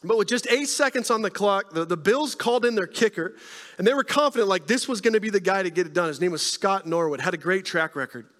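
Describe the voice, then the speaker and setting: A man preaching a sermon in a conversational way, often checking in with the congregation with quick questions. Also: high-pitched, animated, a bit bright, in a large hall. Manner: conversational preaching, frequent "right?" tag questions. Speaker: pastor.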